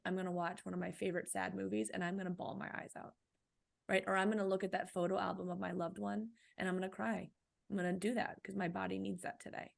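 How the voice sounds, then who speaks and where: A woman with a low, gravelly voice answers interview questions about her book. She speaks in a flat, even line, gives practical coaching advice and keeps asking "right?". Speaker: author and guest.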